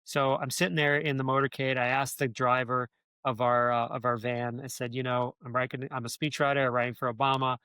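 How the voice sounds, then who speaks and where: Male guest in a casual interview, rambling storyteller, mid pitch, dry close-miked sound. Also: little pitch movement, brisk, bright, forceful tone, clean tone, no echo. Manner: rambling, many restarts and "you know" fillers. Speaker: guest, former speechwriter.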